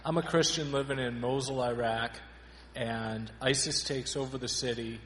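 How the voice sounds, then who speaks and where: A man's voice: mid-range voice, fairly even intonation, moderate pace, a bit bright, a little hiss or hum. A man in a congregation putting a direct, pointed question to the teacher. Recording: long hall reverb.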